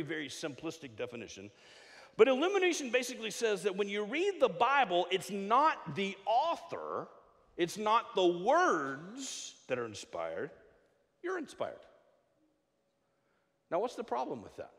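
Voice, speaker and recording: A middle-aged man preaching a sermon in a church, joking and stammering through quick restarts. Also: sits high. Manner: animated, jokey preaching with frequent stammered restarts. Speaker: pastor. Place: church sanctuary. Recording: long hall reverb.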